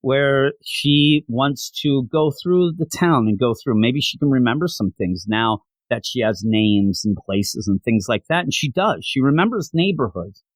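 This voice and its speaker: Animated male comic podcast host. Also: medium pitch, unhurried, few pauses, dry recording. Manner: animated, openly sentimental storytelling. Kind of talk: casual comic recap.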